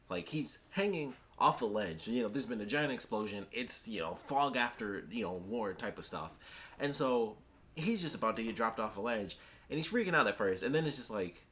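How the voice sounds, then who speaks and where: A man's voice: mid-range voice, very animated, normal speed, a bit bright. A young man giving a casual, joking review of a show episode, chatty with lots of fillers.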